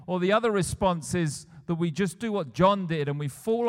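A man's voice: high voice, expressive, normal speed. A man preaching a sermon, retelling scripture scenes and building to emphatic declarations. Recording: long church hall reverb.

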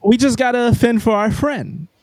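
A man's voice: very high-pitched, normal speed, darkish tone, no echo. A man co-hosting a casual podcast, playful and emcee-like as he steers the talk. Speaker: podcast co-host. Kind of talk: casual chat.

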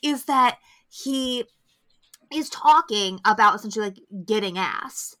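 A young woman co-hosting a podcast in casual chat, animated, swearing freely and acting out quotes. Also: on the high side, a little slow. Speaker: podcast co-host.

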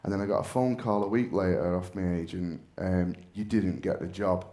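A man's voice: sits low, fairly even intonation, normal speed, mellow. A middle-aged man with a Manchester accent, an actor chatting as an interview guest, telling stories in a self-mocking way with frequent laughs. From England. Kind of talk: casual storytelling interview.

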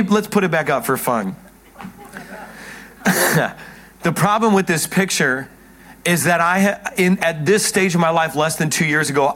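A man's voice: on the high side, a bit bright. A male pastor preaching a sermon from a church stage. He is jokey and self-mocking one moment and earnest and pleading the next. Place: church stage before a congregation.

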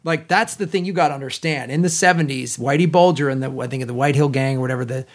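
A man's voice: medium pitch, fast. A man co-hosting a film podcast, talking bluntly and emphatically and cursing freely. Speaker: podcast co-host. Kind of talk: casual film chat.

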